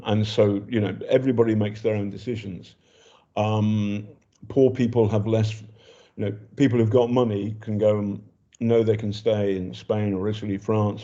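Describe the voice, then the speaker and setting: An older British man, a journalist reporting from a war zone, speaks in a lowish, warm voice with the highs cut off. His casual spoken report is chatty and hesitant, full of ums and restarts.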